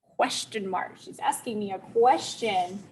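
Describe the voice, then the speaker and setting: A woman's voice: mid-range voice, poor audio. A teacher telling a young-children's story, checking in often with her listeners. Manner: slow, deliberate, checks in with listeners.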